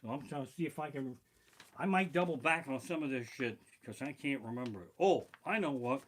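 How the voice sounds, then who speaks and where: A man's voice: mid-range voice, expressive, a little fast, slight background noise. A man comedian telling rambling, profane stories and reading from his notes in a live stream from his living room. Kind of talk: live-streamed storytelling stand-up. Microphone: barebones home streaming mic.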